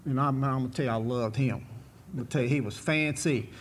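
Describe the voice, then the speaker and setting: Speaking fast in a husky, medium-pitched voice, an ex-bull rider delivers a lengthy, folksy story to listeners. He chuckles and drawls throughout, repeatedly starting his lines over.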